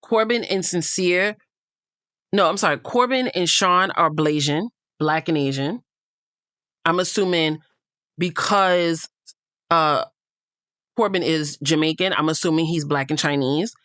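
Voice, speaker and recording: A woman's voice: low voice, measured pace, pauses often, fairly bright tone, no room sound, clean studio sound. A woman hosting a casual reality TV recap, chatty and gossipy, with frank asides.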